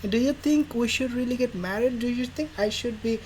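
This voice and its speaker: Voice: mid-range voice, a little mellow, a little hiss or hum, pitched above the performer's own voice, lightly acted. The vlogger puts on the voice of an insecure, whiny young woman who speaks hesitantly, in a mocking impression. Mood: plaintive. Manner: plaintive, hesitant, halting.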